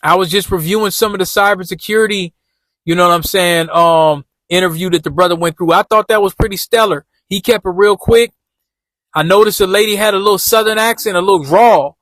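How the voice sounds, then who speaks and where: A high-pitched man talks casually from his car, looping back over his points in easygoing street slang. The sound is dry and close, with no room echo. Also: brisk, a bit bright. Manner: loose, repetitive street slang, addresses viewers as y'all. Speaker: vlogger giving job-interview tips. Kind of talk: casual talk while driving.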